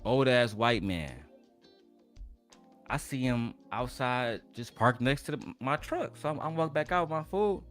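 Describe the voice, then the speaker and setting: A man telling a rough personal story in a casual, profane rant, animated and full of streetwise slang. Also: medium pitch, measured pace, faint music behind.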